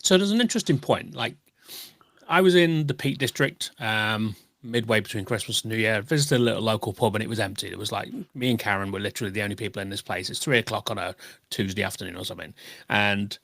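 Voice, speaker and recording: A man talking as a podcast guest, telling stories in a quick, animated and self-mocking way. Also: fairly low pitch, creaky, no room sound. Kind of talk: casual chat.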